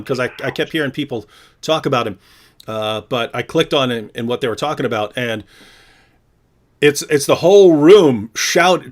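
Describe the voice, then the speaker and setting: A man co-hosting a live stream, chatting casually, telling stories and teasing. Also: medium pitch. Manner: chatty, storytelling, quick to mock.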